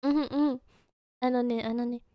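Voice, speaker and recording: A woman's voice: on the high side, fairly even intonation, dark tone, no room sound, studio quality. A woman streamer, a native German speaker, giggling as she retells video clips in English. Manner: giggly, retells clips with quick put-on voices. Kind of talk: casual reaction commentary.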